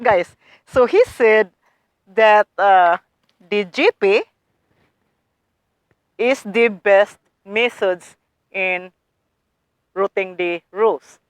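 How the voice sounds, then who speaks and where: A woman's voice: medium pitch, no echo. A woman showing viewers her garden work in a casual how-to vlog, eager and chatty, often calling them guys. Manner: eager, addresses viewers as guys, non-native phrasing. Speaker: gardening vlogger.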